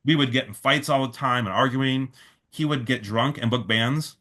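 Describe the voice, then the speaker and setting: Guy rambling through a story, lots of "like", mid pitch, just chatting. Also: moderate pace, sharp tone. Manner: rambling, full of "like" and restarts, quotes others in his own voice. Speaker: festival organizer, interview guest. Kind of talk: casual storytelling in an interview.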